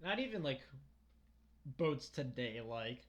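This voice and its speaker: A man's voice: mid-range voice, big pitch swings, slow pace. A young adult man co-hosting a podcast, talking loosely and jokingly, with lots of "like". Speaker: podcast co-host. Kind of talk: casual book-discussion chat.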